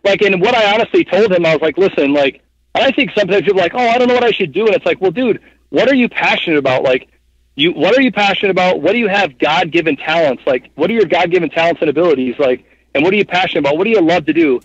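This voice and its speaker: A man in his thirties spins a long, filler-heavy story in a lively, rambling way as a podcast guest. His voice sits somewhat high, and the close, dry recording sounds dull and lo-fi. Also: quick pace, breathy edge, dry recording. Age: 30s. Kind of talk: casual storytelling interview. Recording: dull, muffled podcast audio.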